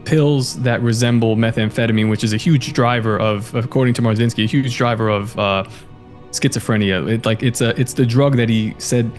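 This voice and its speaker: A male podcast host with a mid-pitched voice. He talks casually and retells a story with animated, acted-out dialogue. Faint music plays in the background. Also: moderate pace.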